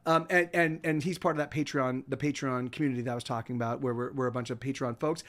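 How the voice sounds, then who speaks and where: A livestreaming musician with a mid-range, steady, fairly bright voice talks at a quick pace. He chats casually with his stream viewers, rambling, cutting himself off mid-sentence, and laughing often.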